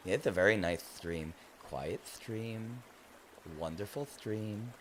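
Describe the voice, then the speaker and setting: Male stream host, lowish voice, goofy and teasing banter with chat, faint hiss behind. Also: slow. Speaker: livestream host. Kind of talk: casual live stream chat reading comments.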